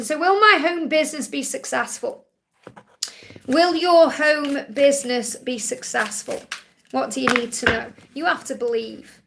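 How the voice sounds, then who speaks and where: This woman has a Stoke-on-Trent accent and a fairly high voice. She hosts a live stream, answering viewers' questions with card readings. She talks gently and reassuringly and repeats her key phrases. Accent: Stoke-on-Trent English. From England.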